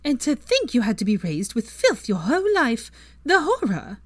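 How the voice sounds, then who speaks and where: A woman doing a bossy, sharp-tongued young witch. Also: sits high, sing-song, no room sound, pitched above the performer's own voice. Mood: mock-sweet. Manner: brisk, commanding, mock-sweet when acting posh.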